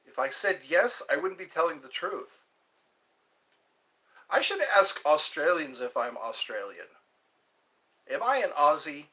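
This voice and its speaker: Joking streamer guy, husky bright voice, talks slow but bounces all over in pitch, reads out chat. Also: very animated. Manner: playful, jokey, answers chat questions aloud. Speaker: live streamer. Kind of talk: casual live-stream chat.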